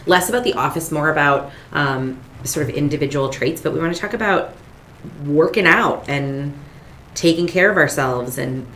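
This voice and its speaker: A woman's voice: sits low, normal speed, fairly bright tone, slight background noise. A woman podcast co-host in her thirties, chatting frankly and swearing freely. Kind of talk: casual chat.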